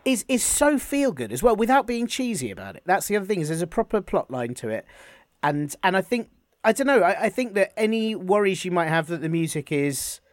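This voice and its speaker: A man, enthusiastic and animated as he tells stories in a relaxed chat. His voice sits a little high, and the recording is dry and close. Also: fairly quick, no echo. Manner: enthusiastic, animated storytelling with many restarts. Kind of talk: casual chat.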